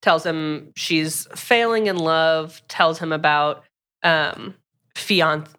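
A young woman co-hosting a podcast, casually recapping a book in a lively storytelling way and acting out the quotes. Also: deep voice, slow pace, clean tone. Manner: lively storyteller, acts out quotes, many fillers. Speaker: podcast co-host.

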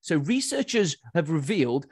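A man's voice: a little high, normal speed, husky, no echo, clean studio sound. Guy hosting a pod, bouncy voice all over the place, reads the news and cracks up. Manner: animated, reads news stories aloud with laughs. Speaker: podcast host. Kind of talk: casual podcast chat.

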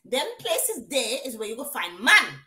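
A woman's voice: on the high side, sing-song, measured pace, bright, forceful tone, far from the mic, voice pushed up, heavily acted. A woman reading a comment aloud as a bossy Grenadian auntie giving dating advice, with a Grenadian accent, heard from off mic in a roomy space.

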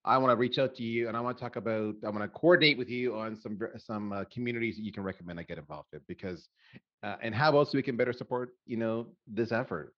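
A man talking as a podcast guest in a casual interview, animated and emphatic, saying he gets fired up. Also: mid-range voice, fast talker, dull audio.

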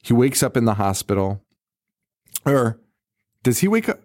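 A man's voice: mid-range voice, sing-song, measured pace, darkish tone, dry recording, studio quality. Laughing, profane man recapping a movie. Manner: laughing, profane, acts out characters' lines. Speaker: podcast co-host. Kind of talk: casual chat recapping a movie.

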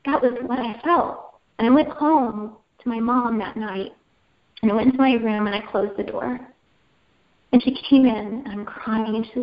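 A woman in her forties from Kansas, an interview guest telling her life story in an earnest, emotional way, often halting and repeating words. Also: a little high, fairly even intonation. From Kansas, USA. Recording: slightly dull audio.

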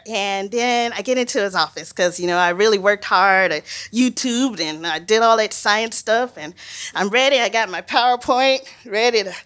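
Woman, live storyteller, animated, self-mocking, fairly high voice. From Mississippi, USA. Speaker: storyteller, biologist.

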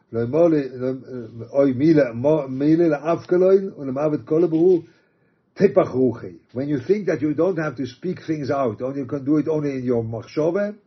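A man teaching a religious text, reading quotes aloud and explaining them halting restarts. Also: mid-range voice, husky. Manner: reads Aramaic and Hebrew quotes then explains in English, halting restarts. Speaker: Torah teacher. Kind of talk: text study lecture. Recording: dull lo-fi recording.

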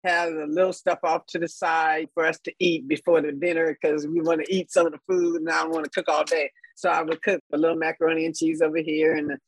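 A woman in her sixties from Los Angeles, telling her life story as a podcast guest in a frank, animated way and laughing often. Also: low voice, fast talker, hardly any pauses, breathy edge, no room sound, poor audio. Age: 60s. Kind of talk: candid storytelling.

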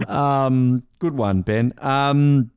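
A man's voice: mid-range voice, fairly even intonation, drawn-out words, darkish tone, clear, resonant tone, no echo, clean studio sound. A man co-hosting a podcast, rambling and swearing casually as he chats and laughs. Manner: rambling, laughing, swearing, drops into silly voices. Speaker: podcast co-host. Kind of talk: casual chat.

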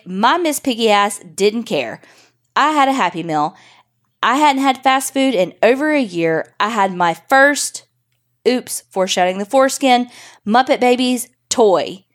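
Woman reading a story with wry profanity. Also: on the high side. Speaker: podcast host reading a listener story.

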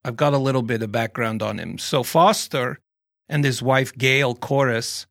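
A man's voice: medium pitch, normal speed, vocal fry, a bit bright, no echo. Male podcast host, casual and joking, middle voice, dry close-mic sound. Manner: chatty, joking, with restarts. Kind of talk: casual chat.

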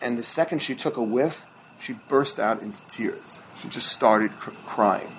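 A man's voice: mid-range voice, measured pace, a bit bright, a little hiss or hum, rough recording. A middle-aged man, a rabbi, teaching a holiday workshop in a conversational storytelling way and now and then quizzing his listeners.

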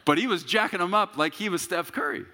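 A man in his thirties preaching a sermon as a pastor, telling a story with humor and bursts of shouting. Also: high-pitched, fast, big-room sound, a little hiss or hum.

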